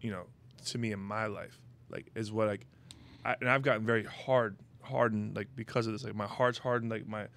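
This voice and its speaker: A man's voice: lowish voice, fairly even intonation, a little fast, gravelly, fairly bright tone. A young man hosting a podcast, telling personal stories in a loose, rambling way, full of "you know what I mean" and casual swearing. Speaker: podcast host. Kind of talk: casual chat, personal storytelling.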